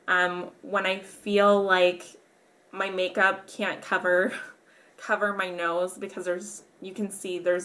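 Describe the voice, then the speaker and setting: A young woman talks through her skincare routine at an unhurried pace. Her voice sits at an ordinary middle pitch, and she pauses and restarts often, dropping soft laughs between casual remarks. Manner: halting, with fillers and soft laughs. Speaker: beauty vlogger.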